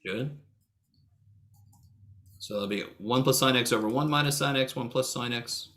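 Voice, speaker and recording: A man's voice: mid-range voice, normal speed, sharp tone. A middle-aged man runs a math lecture over a video call. His delivery is casual and joking, full of blunt asides and casual swearing. He ribs students by name as he walks them through each step. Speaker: math instructor.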